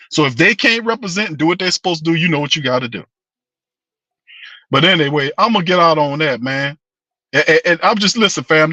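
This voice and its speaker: Fired-up New man ranting, bright voice. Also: on the high side, no room sound. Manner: passionate, repetitive, slangy, addresses listeners as fam and bro. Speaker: sports show host. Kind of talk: fired-up sports fan rant.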